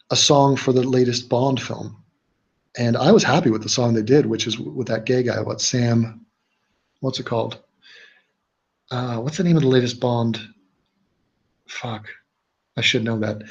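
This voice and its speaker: A man's voice: mid-range voice, darkish tone, slightly rough. A man hosting a casual livestream, reading viewer questions and answering in a blunt, opinionated, rambling way. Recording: dull lo-fi livestream audio.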